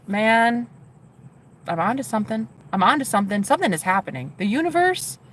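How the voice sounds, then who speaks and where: Gushing, excitable woman live streamer. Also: fairly high pitch. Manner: gushing and excitable, swears casually. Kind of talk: casual live stream chat.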